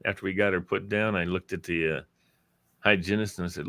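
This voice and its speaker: A man's voice: low-pitched, brisk. A man host in casual chat, animatedly retelling old radio bits and acting out the voices. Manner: animated storyteller, acts out voices. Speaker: show host.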